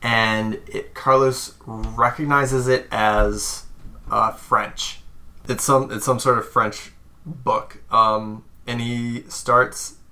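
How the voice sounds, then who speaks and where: Bright-voiced man running a tabletop game. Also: medium pitch, steady tone. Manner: rambling, halting with fillers. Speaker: game master.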